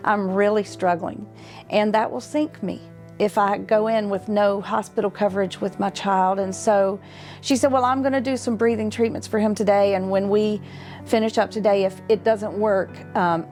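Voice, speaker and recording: A woman's voice: mid-range voice, a little mellow. A middle-aged woman giving an earnest, heartfelt personal testimony about a hard time in her life. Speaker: client telling her story. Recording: faint music underneath.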